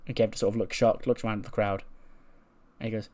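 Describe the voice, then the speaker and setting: A man's voice: on the low side, little pitch movement, fast, long pauses, darkish tone. A man hosting a wrestling management game playthrough and casually retelling its storyline. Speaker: let's play host.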